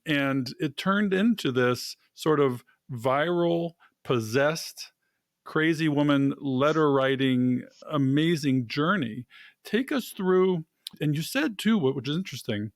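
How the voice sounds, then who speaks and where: A man co-hosting a podcast, asking questions in a conversational, sometimes halting way. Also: fairly high pitch, animated, no echo. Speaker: podcast co-host. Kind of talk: casual interview questions.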